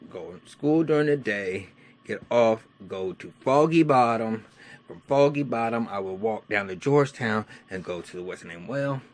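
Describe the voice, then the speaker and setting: A man telling a personal life story in a casual, animated way. He is heavily profane and swings from hushed asides to loud outbursts. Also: fairly low pitch, slight background noise.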